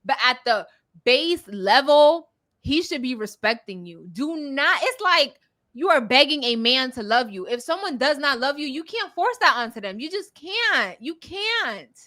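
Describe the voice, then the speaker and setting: A young woman co-hosts a casual chat podcast, handing out emphatic, preachy advice. Her voice sits a little high and sounds bright and forceful. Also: sing-song, measured pace. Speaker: podcast co-host.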